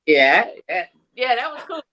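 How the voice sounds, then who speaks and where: A man's voice: very high-pitched, sing-song, a little slow, sharp tone, highs cut off. A man chatting as a guest in a casual talk, upbeat and easygoing. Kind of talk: casual chat.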